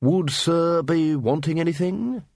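A man's voice: a little high, measured pace, creaky, a little mellow, no room sound, studio quality, pitched above the performer's own voice. A man voicing a formal, deferential elderly male butler who calls his master sir.

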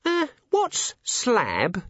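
A man's voice: extremely high pitch, wildly swooping pitch, very slow, fairly bright tone, no room sound, highs cut off, voice pushed up, full character voice. A man voicing a nervous young dwarf recruit who hesitates and stammers.

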